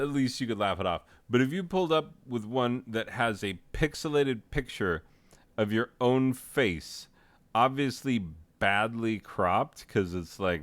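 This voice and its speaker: A man's voice: sits low, no room sound. A man reviewing a game in casual, tangential commentary, often losing his train of thought and making self-deprecating asides.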